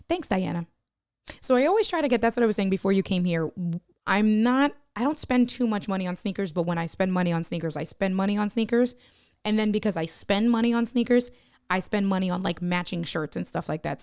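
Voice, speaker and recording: A woman's voice: fairly low pitch, darkish tone, dry recording, studio quality. A woman live-streaming, chatting casually and joking with her viewers as she reads their comments.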